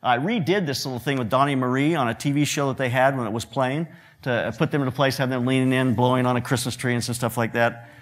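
A man's voice: mid-range voice, steady tone, quick pace. A man giving a lecture to students, telling joking anecdotes about his work as a photographer and acting out what people said. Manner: joking storyteller who acts out quotes. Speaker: guest lecturer, photographer and director.

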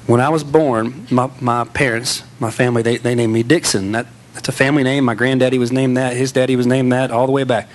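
A man's voice: mid-range voice, fairly even intonation, brisk. A man giving a candid, self-mocking storytelling speech to an audience. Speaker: speaker.

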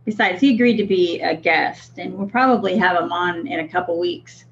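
A woman's voice: on the low side, moderate pace, slight background noise. A woman co-hosting a livestream in casual chat, laughing often and reading comments aloud. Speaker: co-host of a vaping livestream. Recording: dull lo-fi stream audio.

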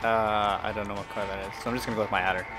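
A man hosting a casual gameplay session, excitable and laughing, yelping at crashes. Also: fairly low pitch, very fast, over loud music. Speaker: gameplay host.

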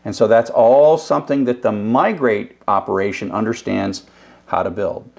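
A man's voice: on the low side, normal speed, gravelly, a little mellow. An older man teaching web programming in a recorded lecture. He explains casually and thinks aloud, with restarts. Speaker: programming instructor.

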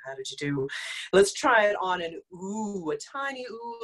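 A woman's voice: medium pitch, sing-song, normal speed, a bit bright, low-quality recording. A woman voice teacher leading an online group vocal exercise lesson, explaining and demonstrating exercises, her voice a little dry. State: slightly dry voice.

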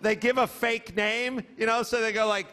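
Middle-aged guy ranting onstage, high-pitched voice, swears a lot, does mocking voices. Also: flat delivery, normal speed, pushed and bright. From United States. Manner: profane, exasperated storytelling with mocking voices. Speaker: podcast host. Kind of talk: live comedic rant. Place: comedy club stage before a live audience.

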